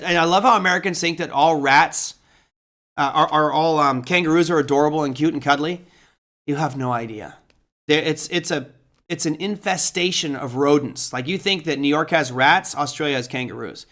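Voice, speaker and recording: A man's voice: on the high side, normal speed, fairly bright tone. A middle-aged man hosting a live market analysis stream, chatty and casual as he walks through charts and answers viewer questions. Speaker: trading stream host.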